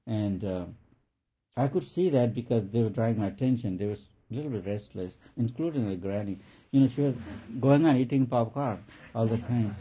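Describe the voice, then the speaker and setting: Husky-voiced man on a thin, lo-fi recording. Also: on the low side. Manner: gentle, halting storytelling with many restarts. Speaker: spiritual teacher. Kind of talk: spiritual talk.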